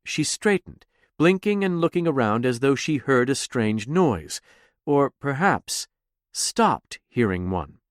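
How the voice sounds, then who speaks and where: Male audiobook narrator, slow and even, dry booth sound. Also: medium pitch, no echo. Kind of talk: scripted narration.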